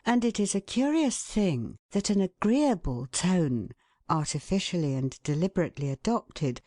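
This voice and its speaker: A woman giving an expressive, measured scripted narration of a book excerpt. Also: on the low side, no room sound, studio quality.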